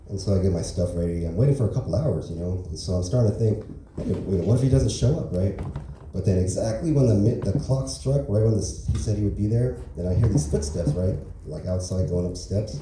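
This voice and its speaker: Deadpan man doing open-mic stand-up. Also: low voice, brisk, noisy background. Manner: rambling, filler-heavy, deadpan. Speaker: stand-up comedian. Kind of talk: stand-up comedy set. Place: comedy club open mic. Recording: echoey room from far off.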